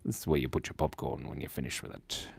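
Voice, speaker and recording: A man's voice: extremely low pitch, quick pace, gravelly, darkish tone, slightly rough, dry recording, clean studio sound. A man hosting a live drawing stream, chatting playfully and reading out viewers' comments as he draws. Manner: playful, silly, reads chat aloud. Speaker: drawing livestream host.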